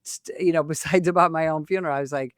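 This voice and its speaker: A woman with a deep voice talks very fast in a studio-quality recording without echo. She's a retired police sergeant from Illinois, an animated storyteller who mimics the voices of the people in her tale during a casual interview.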